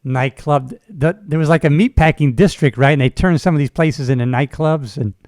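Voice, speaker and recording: A man hosting a casual interview, talking in a relaxed way with frequent fillers and affirmations. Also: a little high, moderate pace, no echo, clean studio sound. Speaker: podcast host, retired sheriff's deputy.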